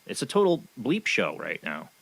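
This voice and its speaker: A man's voice: fairly low pitch, huge pitch swings, normal speed, creaky, a bit bright, breathy edge, no echo. A man hosting a talk show, rambling along in a cynical, sarcastic way. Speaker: show host. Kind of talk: casual talk radio commentary.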